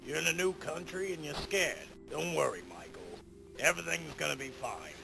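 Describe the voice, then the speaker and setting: A man voicing a calm, kind man who reassures a newcomer to a new country. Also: moderate pace, vocal fry, music in the background, poor audio. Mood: reassuring. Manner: low, soft, reassuring. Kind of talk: voicing game dialogue.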